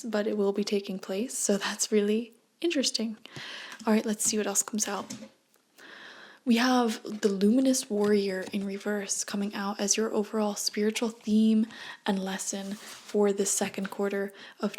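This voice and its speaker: Hushed, chatty woman reading tarot. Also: mid-range voice. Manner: hushed, often slipping into a whisper; chatty, rambling, with tangents. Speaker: tarot reader. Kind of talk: casual tarot reading to camera. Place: at home late at night.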